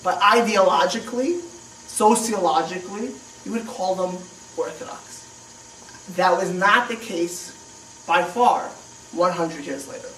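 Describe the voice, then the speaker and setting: A man's voice: sits high, a bit bright. A man giving a history lecture as a rabbi, speaking conversationally with restarts and rhetorical questions. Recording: echoey room, mic far off, faint noise.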